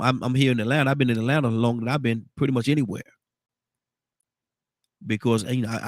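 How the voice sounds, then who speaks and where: A man with a congested baritone voice hosting a morning talk show. He rambles easily, repeating words and restarting sentences. The sound is dry and close, with no room around it. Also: dry recording. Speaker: radio show host.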